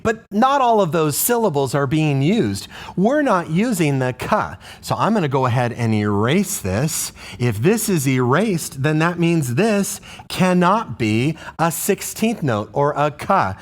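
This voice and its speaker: A man's voice: a little high, very animated, measured pace, few pauses. A man teaching a music lesson to camera, chanting rhythm syllables and singing short song phrases with enthusiasm.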